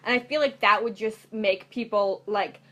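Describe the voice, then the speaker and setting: A young woman chatting casually about a movie trailer, talking in excited tangents full of "like". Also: medium pitch, normal speed, highs cut off. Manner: chatty, lots of "like", animated tangents. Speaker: movie fan co-host. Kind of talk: casual chat.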